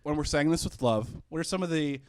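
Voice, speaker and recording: A man's voice: on the high side, fast, clear, resonant tone. A man hosting a podcast, loose and slangy, full of dude and like. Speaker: podcast host. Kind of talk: casual chat.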